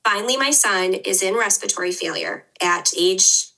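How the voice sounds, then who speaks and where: A woman in her thirties, a dietitian guest, telling her story in animated conversation and acting out what others said. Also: mid-range voice, normal speed, creaky. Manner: animated, acts out others' words in quotes.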